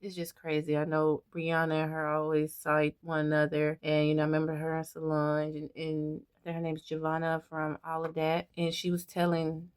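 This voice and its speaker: A woman beauty vlogger talking to camera in a halting personal monologue, often repeating herself and trailing off. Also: low voice, monotone, smooth, no echo, clean studio sound.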